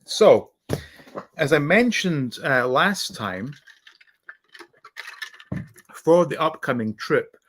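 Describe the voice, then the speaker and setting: A man hosting a casual live stream, talking in a rambling, halting way with many pauses. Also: fairly high pitch, very animated, fairly bright tone, slight background noise. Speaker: host.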